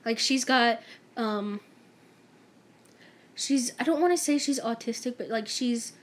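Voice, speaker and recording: A woman's voice: fairly high pitch, a little slow. A young woman vlogger telling a story-time tale in a chatty, emphatic way, acting out the dialogue.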